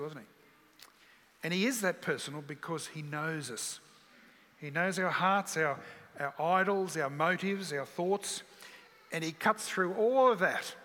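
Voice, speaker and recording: A man's voice: a little high, pushed and bright. A man preaching a sermon, earnest and full of rhetorical questions. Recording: long hall reverb.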